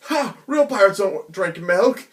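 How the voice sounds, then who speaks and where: A man's voice: medium pitch, lively intonation, moderate pace, lightly acted. A man voicing a kindly adult pirate captain with a laid-back, teasing manner.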